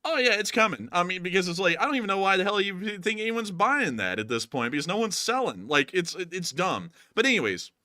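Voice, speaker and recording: A man hosting a casual live stream, talking in an animated, mocking way with lots of "like" and "dude". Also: high-pitched, a little fast, hardly any pauses, no room sound, studio quality. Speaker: host.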